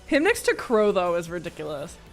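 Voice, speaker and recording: A woman's voice: on the low side, wildly swooping pitch, brisk, faint music behind. A young woman streaming a watch party, reacting casually with laughs and swearing. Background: match broadcast audio.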